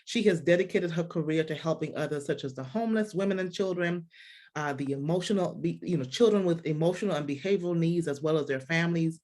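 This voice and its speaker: A woman's voice: low-pitched, quick pace. A woman hosting a faith-based podcast interview, effusive and full of restarts. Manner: warm, effusive, with frequent restarts. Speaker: podcast host.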